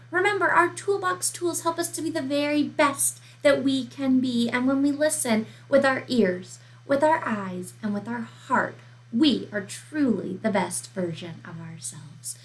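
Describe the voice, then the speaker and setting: A woman school counselor giving a slow, emphatic lesson to young children. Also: high-pitched. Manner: slow, emphatic teacher talk to young kids.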